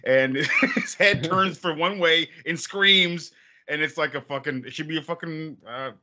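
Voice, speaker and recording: Rambling, swearing man with a bright voice. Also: on the high side, wildly swooping pitch, unhurried. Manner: rambling, swears a lot, restarts often. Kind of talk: casual chat.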